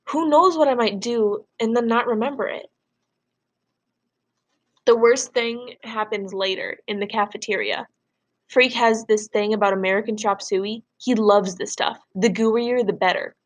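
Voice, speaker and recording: A woman teacher reading a novel aloud to her students in a measured, expressive way, then setting them a question. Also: a little high.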